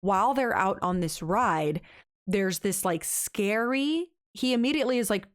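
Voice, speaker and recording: A woman's voice: medium pitch, expressive, measured pace, no echo, studio quality. A woman co-hosting a podcast, recapping a book in a casual, chatty way and acting out the characters' lines as she goes. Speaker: podcast co-host.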